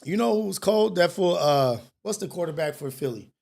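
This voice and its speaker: Preachy high-voiced man host. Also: expressive, moderate pace, gravelly, a little mellow. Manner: preachy, repeats questions, street slang. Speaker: talk show host. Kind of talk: impassioned monologue.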